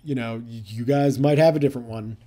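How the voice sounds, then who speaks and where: A man's voice: medium pitch, brisk, mellow. A man giving casual let's-play commentary, thinking aloud with playful asides. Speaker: gameplay commentator.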